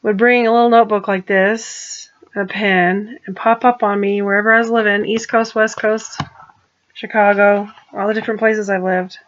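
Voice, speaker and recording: A woman's voice: mid-range voice, little pitch movement, normal speed, highs cut off. A woman talking in a rambling personal monologue, restarting her sentences and turning pointed and accusing. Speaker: vlogger.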